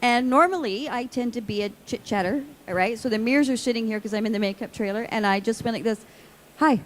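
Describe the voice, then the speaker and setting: A woman actor on a convention panel, telling a self-mocking story to the audience in a lively way. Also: fairly high pitch, fast talker, slight background noise.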